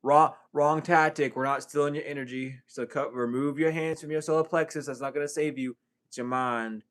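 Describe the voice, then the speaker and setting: A man talking straight to camera in a casual, profane spiritual vlog, animated and laughing between thoughts. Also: on the high side, moderate pace. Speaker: tarot reader and healer.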